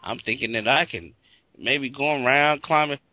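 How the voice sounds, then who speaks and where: A man from Seattle in casual chat, talking in an animated, profane way and acting out his own reactions. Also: medium pitch, moderate pace, no room sound. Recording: dull, lo-fi, dry sound.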